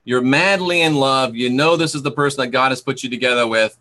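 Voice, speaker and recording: A man's voice: mid-range voice, fairly quick, bright, forceful tone. A man hosting an interview, affirming his guest and asking probing questions. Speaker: host. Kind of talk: conversational interview.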